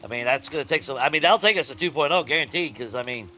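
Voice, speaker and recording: A young man talks through his game for viewers in an animated, lively voice that rises and falls a lot. His tone is bright and forward, and he swears freely while he jumps from griping to giddy delight. Faint game music plays behind him. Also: medium pitch, fast talker. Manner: chatty, profane, swings between grumbling and giddy excitement. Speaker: gaming channel host. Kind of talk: casual let's-play commentary to viewers.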